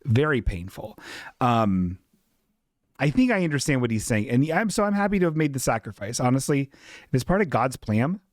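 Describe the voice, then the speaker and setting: A man's voice: medium pitch, very animated, normal speed, no room sound, clean studio sound. A man hosting a comedy livestream in casual chat, rambling and self-deprecating, often laughing at his own asides. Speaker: podcast host.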